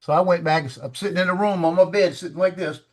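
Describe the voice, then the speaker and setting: A man's voice: high-pitched, fast talker. Rambling man telling a story. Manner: animated storyteller, acts out the voices of people in his story; rambling, repeats words as he restarts. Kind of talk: casual studio chat. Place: studio.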